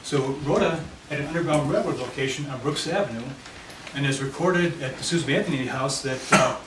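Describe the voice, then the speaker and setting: A man's voice: medium pitch, a little fast. A man presenting at a committee meeting, walking listeners through a handout map of his neighborhood. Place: meeting room. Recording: echoey room, mic far off, noisy.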